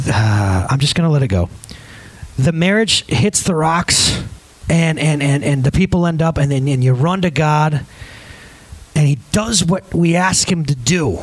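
A man's voice: a little high, slightly rough, rough recording. A male pastor preaching a conversational sermon, emphatic, often asking the congregation questions.

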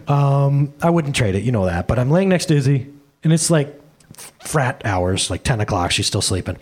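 Husky, animated male pastor preaching. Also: mid-range voice. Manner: animated, swinging from loud bursts to quiet, acting out quoted voices. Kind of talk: sermon. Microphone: handheld microphone.

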